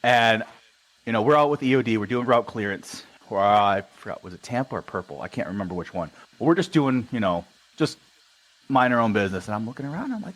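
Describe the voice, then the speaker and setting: Young guy from wisconsin spinning stories, lowish voice that swings all over, plays out every quote. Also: fast talker, poor audio. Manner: animated, acts out quoted dialogue. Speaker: podcast guest, army veteran. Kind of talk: casual storytelling.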